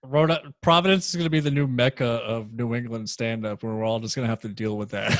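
A man's voice: mid-range voice, fairly even intonation, fast, no echo. A man who does stand-up, laughing a lot and riffing on jokes with his friends on a podcast. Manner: laughs often, riffs on jokes. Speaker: stand-up comic, podcast co-host. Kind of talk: casual podcast banter.

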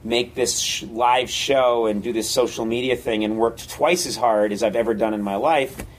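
A man with a mid-range voice speaks at a normal speed over a faint hiss or hum. Being interviewed as a guest comedian, he tells stories animatedly and acts out scenes, punctuated by sudden yelps.

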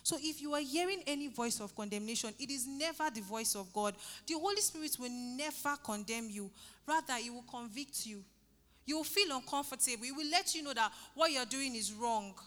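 Fervent high-voiced woman preaching in a hall. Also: animated, normal speed, fairly bright tone. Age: 30s. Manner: rising fervent pleading, repeating phrases. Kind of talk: sermon with altar call.

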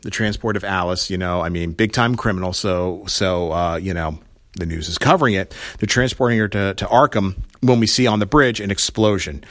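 A man's voice: on the low side, fairly bright tone, dry recording, studio quality. A man casually recapping a TV episode, rambling and retelling scenes with quoted lines.

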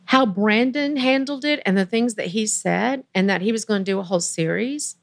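A woman's voice: medium pitch, normal speed, gravelly, dry recording. Earnest older woman telling her story. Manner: earnest, emotional, quotes others in lively voices. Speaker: interview guest. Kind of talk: emotional personal storytelling.

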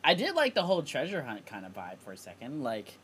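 Man co-hosting with halting restarts. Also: mid-range voice, huge pitch swings, a bit bright, husky. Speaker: podcast co-host. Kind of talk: casual chat.

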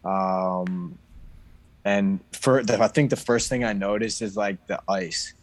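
A man who plays hockey, talking in a casual chat, halting with lots of fillers. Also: fairly low pitch, steady tone, no echo, rough recording. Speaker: guest, hockey player.

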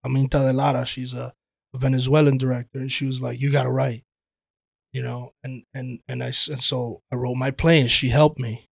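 A man chatting casually as a podcast guest, telling animated stories, swearing freely and calling people "dude". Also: medium pitch, fairly quick, vocal fry, no echo, studio quality. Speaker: guest, actor and playwright.

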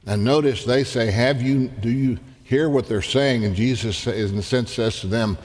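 A man preaching a sermon, slow and deliberate, rising in pitch and volume when he quotes scripture. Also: darkish tone. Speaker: pastor. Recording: long reverb in a large hall.

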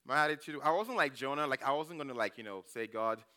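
A man gives a conversational sermon as a church elder. His voice is bright and smooth. He tells personal stories, acts out his own reactions, and keeps checking in with the congregation. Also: on the high side, lively intonation, fast. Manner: storytelling, frequent "okay?" checks with the congregation.

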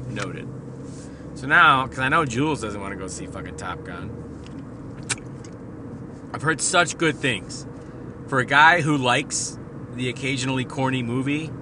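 A man hosting a podcast alone, talking in a rambling, profane, self-deprecating way. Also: mid-range voice. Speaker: podcast host. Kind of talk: casual solo podcast monologue. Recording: noisy recording with traffic sounds.

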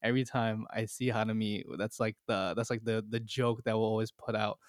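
A man's voice: fairly low pitch, level tone, a little fast, no room sound, clean studio sound. A young adult man hosting a podcast, telling a story in casual chat and laughing often. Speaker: podcast host. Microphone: call recording.

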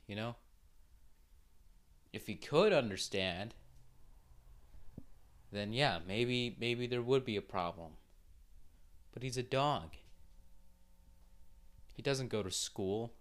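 A man's voice: on the low side, fairly bright tone, clear, resonant tone. A young man hosting a solo podcast, rambling casually with lots of swearing and filler words. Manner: rambling and profane, full of fillers. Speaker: podcast host.

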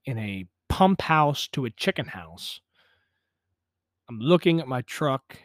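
A man's voice: mid-range voice, no echo, clean studio sound. A man hosting a solo podcast, swearing constantly and ranting angrily, recorded in a small pump house. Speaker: podcast host. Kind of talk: solo profane rant. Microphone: podcast microphone.

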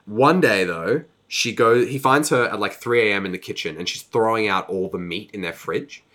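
A man's voice: fairly low pitch, moderate pace, fairly bright tone. A man in a casual podcast chat, recapping a book in a rambling, profane way, full of fillers and mock voices for characters. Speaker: podcast co-host.

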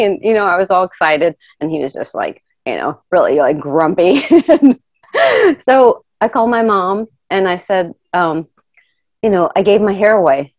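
A middle-aged woman telling a personal story in a lively way, laughing often and acting out the voices of the people in it. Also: medium pitch, normal speed, dry recording, highs cut off. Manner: animated, laughs often, acts out quoted voices.

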